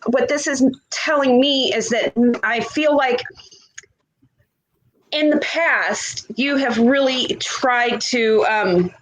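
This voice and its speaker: A woman reading tarot cards in a casual livestream chat, gushing and chatty with drawn-out pauses. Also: fairly high pitch, fairly bright tone, low-quality recording. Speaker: tarot reader.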